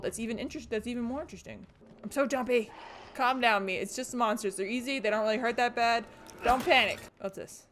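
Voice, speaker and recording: A young woman streaming a horror game, jumpy and excitable, shrieking and swearing at the game as she plays. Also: a little high, slight background noise. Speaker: gaming streamer. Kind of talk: let's play commentary.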